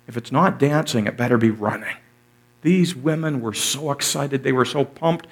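A man preaching a sermon as a pastor, retelling scripture with enthusiasm. He repeats phrases for effect and lets his loudness surge and drop. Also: mid-range voice, normal speed.

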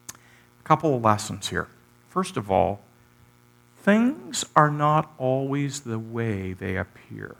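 Animated preacher, man. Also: takes it slowly, creaky. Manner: animated, rhetorical questions to the congregation, big pitch swings. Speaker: pastor. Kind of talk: sermon.

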